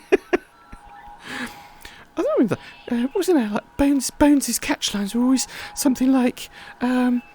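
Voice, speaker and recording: A woman's voice: high voice, lively intonation, measured pace, pauses often, mellow, faint music behind. A woman hosting a livestream, chatting in a rambling, casual way with many fillers. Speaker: livestream host.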